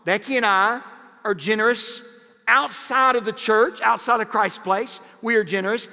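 Animated high-voiced pastor preaching. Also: male voice, normal speed, vocal fry, big-room sound. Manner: animated, jokey preaching with sudden loud bursts. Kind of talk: sermon. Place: church sanctuary.

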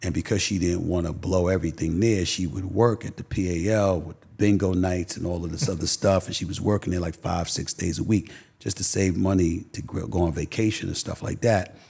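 Deep gravelly New York man telling stories. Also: steady tone, a little fast, few pauses, mellow. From Queens, New York. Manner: emphatic storyteller with many restarts. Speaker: guest. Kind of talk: podcast interview, storytelling.

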